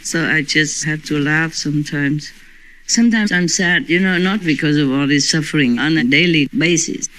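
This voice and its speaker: A woman's voice: deep voice, moderate pace, fairly bright tone, poor audio. A woman spiritual teacher talking informally to her disciples, chatty and often breaking into laughter.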